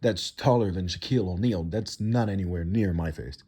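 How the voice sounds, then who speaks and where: A man's voice: low-pitched, moderate pace, mellow, husky. A teenage boy telling a casual storytime monologue, rambling with lots of "you know" and "like" fillers. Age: teens.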